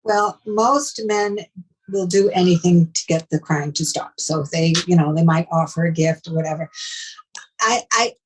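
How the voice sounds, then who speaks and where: A woman's voice: fairly low pitch, moderate pace, slightly rough, low-quality recording. A woman guest, a mental health professional, giving advice in an interview, hesitant with many ums and restarts.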